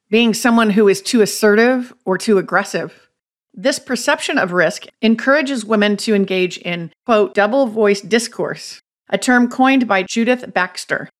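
Woman giving clear instructive narration. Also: mid-range voice. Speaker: podcast host. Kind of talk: scripted narration.

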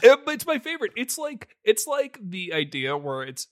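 A man hosting a podcast, riffing and joking about a bad movie, swearing freely. His voice swings widely and sits slightly high. The sound is dry and close, with no room around it. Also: normal speed, hardly any pauses, no room sound. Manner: animated, swearing, mocking. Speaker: podcast co-host. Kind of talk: casual movie-review chat.

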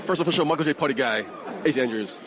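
A man's voice: a little high, fast talker. Man, interviewer, joking, crowd and noise outside. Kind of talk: casual post-show interview. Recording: noisy crowd outdoors.

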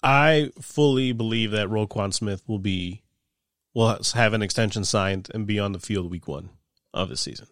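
Animated man hosting a sports podcast. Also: lowish voice, moderate pace, no echo, studio quality. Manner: animated, laughing, swears freely. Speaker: podcast host. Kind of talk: casual sports podcast chat.

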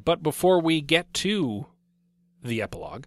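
A man co-hosting a casual book discussion podcast, talking in a wry, relaxed way with jokey segues. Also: a little high, normal speed, dry recording. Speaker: podcast co-host.

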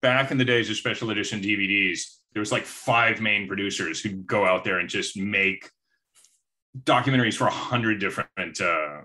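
Male podcast talker, bright tone, storyteller who slips into quoted voices. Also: on the low side, moderate pace. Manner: anecdotal, acts out quoted voices. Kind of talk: casual podcast chat.

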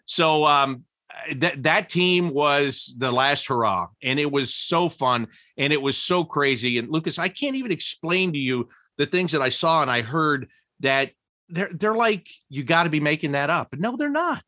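A man telling old team stories in an interview, laughing often and jumping high in pitch when he quotes people. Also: normal speed, no room sound, clean studio sound. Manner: animated, laughing storyteller with big pitch jumps when quoting. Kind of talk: storytelling interview.

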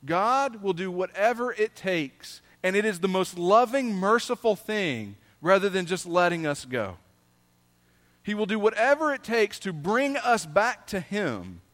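A male pastor preaching a sermon. His delivery is dynamic, swinging from loud emphasis to soft asides, and he reads scripture with slow, drawn-out emphasis. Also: high voice.

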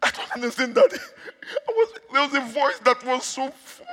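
A man preaching who voices a bewildered husband telling how a voice called him home, in a husky tone. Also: very high-pitched, sing-song, normal speed, bright, forceful tone, in a large hall, pitched above the performer's own voice, full character voice. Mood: puzzled. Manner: puzzled, emotional telling.

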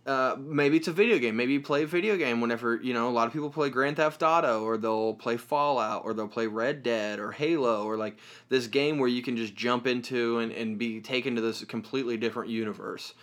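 A man's voice: medium pitch, a little fast, hardly any pauses, a bit bright. A man co-hosting a podcast in casual chat, chatty and rambling, with a joking manner. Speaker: podcast co-host.

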